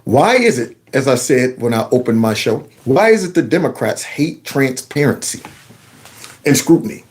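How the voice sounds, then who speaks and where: A man hosting a political commentary show reacts to news clips with sarcastic, mocking rhetorical questions. He talks casually and colloquially, saying "y'all," in a sing-song, mid-range voice at normal speed.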